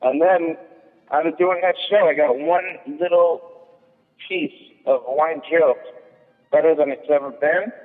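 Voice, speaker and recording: Speaking a little high and unhurried, a male comedian appears as a guest in casual chat. His story rambles, with plenty of fillers and restarts. The audio is thin, like a phone, and carries a long echo.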